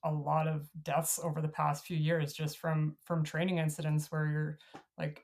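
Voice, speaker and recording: A woman from Canada hosting a podcast interview, chatty and quick with asides. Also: low voice, monotone, a little mellow. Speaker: podcast host. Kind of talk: casual interview.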